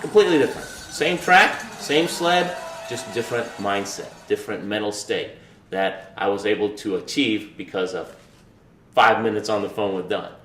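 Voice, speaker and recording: A man's voice: lowish voice, moderate pace, a bit bright, slight background noise. A man in his thirties, an Olympic luge athlete, telling a personal story in a loose, conversational way with repeated words and fillers. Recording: roomy, distant mic with faint ambience.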